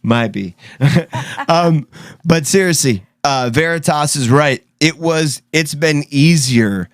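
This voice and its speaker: Man co-host, animated storyteller, swears a lot, slightly high voice, dry close sound. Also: slow, no echo. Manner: animated storyteller, swears freely, acts out dogs and people. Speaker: podcast co-host. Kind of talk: casual live-show chat.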